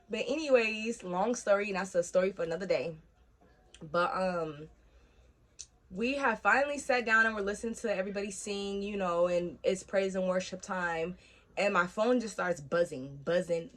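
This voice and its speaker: Young woman vlogger, casual storytime, lively and foul-mouthed, acts out the voices in her story. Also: lowish voice, moderate pace. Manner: animated, profane, acts out quoted voices.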